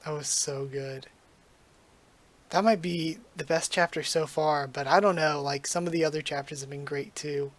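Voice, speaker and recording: A man reading through a manga on his channel and reacting as he goes. He is excited and gushing, close to tears, and keeps tripping over his words. His voice sits a little high for a man. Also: normal speed. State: emotional, near tears.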